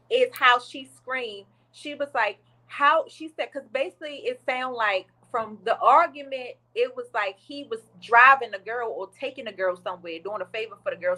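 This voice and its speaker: A woman's voice: on the high side, poor audio. A woman podcast co-host, casually retelling a video she saw and acting out what people said. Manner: chatty and animated storytelling, acts out quotes.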